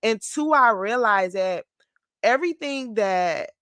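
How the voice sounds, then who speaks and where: Expressive woman around forty, vlogging. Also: fairly high pitch, takes it slowly, no room sound. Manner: expressive, slips into mock-whiny voices when quoting her past self; emotional, close to tears at times. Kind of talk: casual confessional vlog.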